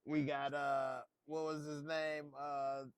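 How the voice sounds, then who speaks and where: Slow-talking man reacting to a TV episode. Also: fairly high pitch, level tone, smooth, no room sound. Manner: laid-back, joking, talks back to the screen. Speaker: TV show reviewer. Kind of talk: casual reaction commentary.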